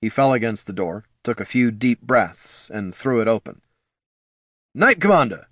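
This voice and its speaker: A man narrating a fantasy audiobook in a lively, expressive storytelling manner. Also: lowish voice, moderate pace, dry recording, studio quality.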